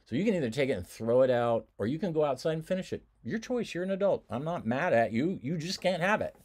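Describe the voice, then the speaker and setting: A man giving a recorded lecture as a college instructor, easygoing and joking, with frequent laughs and asides and big swings in pitch and loudness. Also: lively intonation, fast talker.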